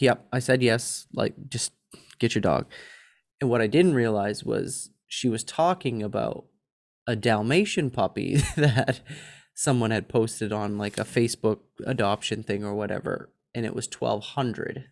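A man in his thirties co-hosting a podcast, telling a story in a lively, chatty way and mimicking other people's voices. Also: medium pitch, unhurried, creaky. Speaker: podcast co-host. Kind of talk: casual chat.

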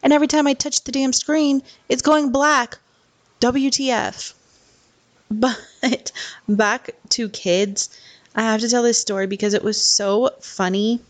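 A woman's voice: fairly high pitch, steady tone, a little slow. A young woman and mother chatting casually at home into a laptop mic, rambling with lots of "like" fillers. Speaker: mom vlogger. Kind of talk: casual chat. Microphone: laptop microphone.

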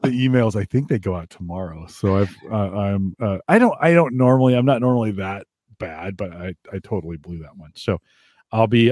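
A man's voice: on the low side, a little mellow, dry recording, studio quality. Chatty American man hosting a podcast. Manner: chatty, laughs often, many restarts. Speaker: podcast host. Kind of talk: casual chat.

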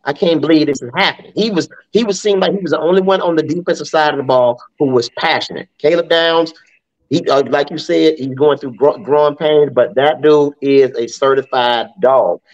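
A man with a voice a touch higher than most. He talks in a blunt, emphatic way and speaks straight to the fans. The sound is slightly dull and lo-fi. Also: normal speed, darkish tone. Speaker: sports podcast panelist. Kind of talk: casual sports talk.

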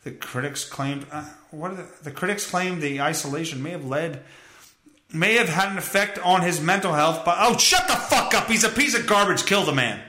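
A man's voice: a little high, moderate pace, bright, forceful tone, roomy sound, rough recording. A man hosting his own podcast, ranting in a crude, profane and joking way. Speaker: podcast host. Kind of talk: solo comedic rant podcast.

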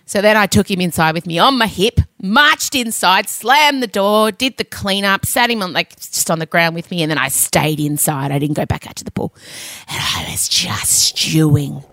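A woman's voice: medium pitch, expressive, moderate pace, few pauses, a bit bright, no echo. A woman, co-hosting a chat podcast and telling a story with dramatic, wry humor. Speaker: podcast co-host.

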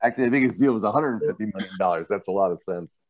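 A man's voice: fairly low pitch, rapid-fire, dry recording, dull audio. A man, a TV producer, casually recounting stories from his career in an interview, acting out the voices of the people in them and laughing often. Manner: animated, acts out quoted voices, laughs often.

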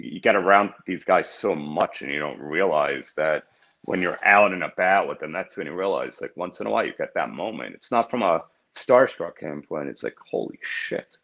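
A man's voice: deep voice, expressive, a little fast, fairly bright tone, highs cut off. A man in his fifties chatting casually as a podcast guest, rambling and heartfelt, often restarting his sentences. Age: 50s.

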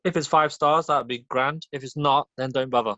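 Deadpan male podcast co-host. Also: medium pitch, moderate pace, no echo, lo-fi sound. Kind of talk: casual chat.

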